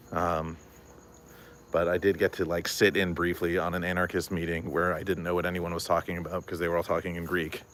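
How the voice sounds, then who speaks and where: A man's voice: sits low, fairly bright tone, a little hiss or hum. A young man chatting casually on a livestream, rambling with lots of fillers and answering chat. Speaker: comedian streamer.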